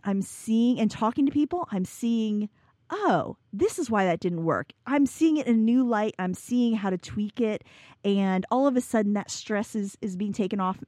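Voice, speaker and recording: A woman's voice: mid-range voice, darkish tone, dry recording, studio quality. A woman talking candidly in a casual podcast chat, rambling a little and correcting herself as she goes. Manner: candid, rambling, self-correcting with restarts and laughs. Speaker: business owner guest.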